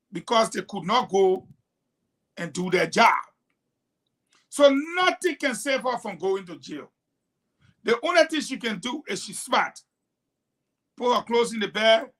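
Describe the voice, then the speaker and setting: A man's voice: very high-pitched, a bit bright. A man with a Liberian English accent hosting a political talk show, delivering heated, scolding commentary with rhetorical challenges.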